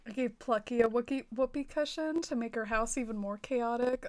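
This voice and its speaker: A woman from the American South, her light twang carried by a fairly high, slightly mellow voice, talks fairly quickly with hardly any pauses. She's casually chatting on a game stream, reading viewer comments and giggling often amid filler-heavy sentences.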